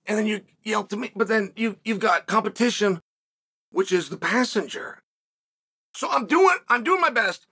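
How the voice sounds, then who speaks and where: A middle-aged man hosting his own show, telling a story in a casual studio monologue and acting out the shouting he heard. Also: high-pitched, moderate pace, husky. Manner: animated, acts out shouted quotes. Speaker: show host.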